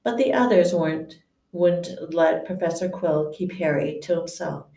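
A woman reading a novel aloud to listeners, unhurried, often stumbling and correcting herself, and acting out a stammering character. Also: lowish voice, gravelly, dark tone, echoey room, recorded from a distance. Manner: unhurried, stumbling over words and self-correcting; acts out a stammer for the nervous professor.

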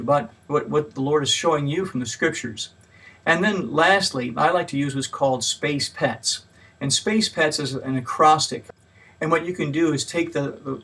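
Guy teaching bible study, kinda husky voice, mic a bit far off, lots of uh's, leans on each numbered point. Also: a little high, a bit bright. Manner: plain, patient teaching with frequent "uh" fillers; stresses key words when listing points. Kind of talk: mini lecture.

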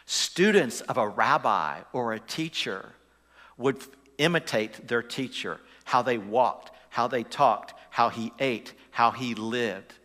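A man's voice: medium pitch, slow, fairly bright tone, long reverb tail. A man preaching a sermon as pastor, conversational and putting questions to the congregation. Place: church sanctuary.

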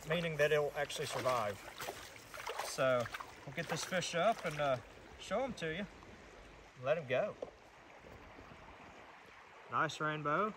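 A man's voice: a little high, a little hiss or hum. A man giving casual, instructive fly fishing tips out on a stream while he casts. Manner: easygoing, instructive, talks while casting. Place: outdoors wading a stream. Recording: distant outdoor mic with rushing stream. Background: loud flowing water.

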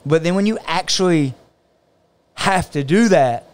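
Smooth-voiced jiu-jitsu coach telling stories. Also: male voice, fairly high pitch, unhurried. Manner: animated storytelling, acts out other people's words. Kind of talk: casual podcast conversation.

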